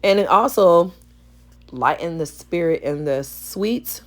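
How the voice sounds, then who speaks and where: A woman hair stylist with a gravelly morning voice, chatting playfully to viewers in a salon vlog. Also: on the low side, lively intonation, slow pace. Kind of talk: casual voice-over vlog chat. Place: salon suite.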